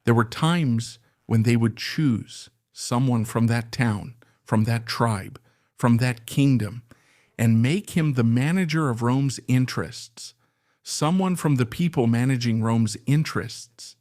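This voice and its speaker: Heard in a studio-quality recording with no room sound, a man with a medium-pitched, darkish voice talks slowly about current events. As a political commentator, he repeats his arguments for emphasis and keeps firing off pointed rhetorical questions.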